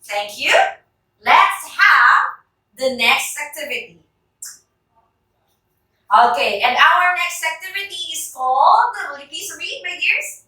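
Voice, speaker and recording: A woman's voice: high voice, expressive, slow, long pauses, pushed and bright. A woman with a Filipino English accent teaching a class, calling on students by name and checking that they understand. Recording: very echoey classroom from far off.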